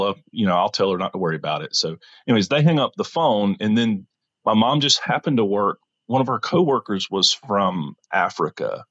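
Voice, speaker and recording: A man with a very deep yet bright, forceful voice tells a childhood story as a podcast guest. He rambles along, full of ums and restarts, correcting himself as he goes. The sound is dry and somewhat dull. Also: no room sound. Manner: rambling, many fillers and self-corrections. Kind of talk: casual storytelling.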